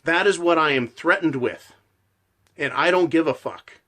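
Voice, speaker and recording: A man's voice: fairly high pitch, moderate pace, fairly bright tone. A man delivering a passionate, profane ranting monologue as a channel host.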